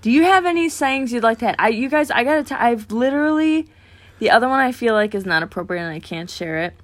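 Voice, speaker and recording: A woman's voice: fairly high pitch, fast, no room sound. A woman who teaches, co-hosting a casual podcast chat. She wanders from tangent to tangent, talks herself down, and acts out little voices as she tells stories. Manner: rambling, self-deprecating, jumps between tangents; animated storytelling with voiced asides. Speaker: podcast co-host.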